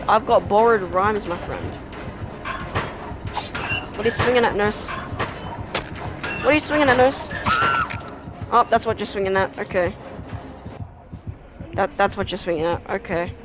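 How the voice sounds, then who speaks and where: A young adult gamer talks through a match in live commentary, reacting fast with sudden exclamations and bursts of laughter. Clear background music plays under the voice. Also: medium pitch. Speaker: gaming video creator.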